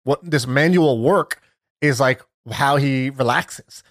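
A man co-hosting a podcast, telling a story in casual chat, lively and full of fillers like "like" and "you know". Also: mid-range voice, slow, noisy background. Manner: animated storyteller, many fillers, laughs while telling. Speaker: podcast co-host.

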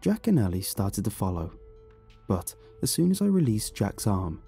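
A man narrating a horror story in an expressive, dramatic reading. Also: on the low side, normal speed, vocal fry, slightly rough. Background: faint music.

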